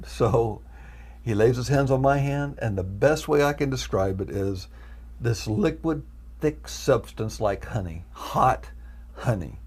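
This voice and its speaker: A man giving an emotional testimony as a guest, animated and repeating himself as he acts out his own prayers. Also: mid-range voice, unhurried, breathy edge. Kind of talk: emotional storytelling.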